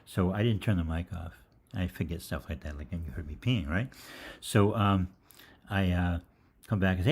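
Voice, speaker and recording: A man's voice: sits low, normal speed, breathy edge. An older man hosting a live health Q&A, telling rambling, jokey anecdotes with casual swearing.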